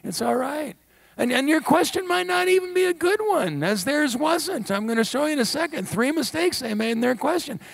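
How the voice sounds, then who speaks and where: High-voiced, gravelly preacher man. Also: normal speed, no echo. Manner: animated, wry asides, laughs while preaching. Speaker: guest pastor. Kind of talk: sermon. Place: church sanctuary.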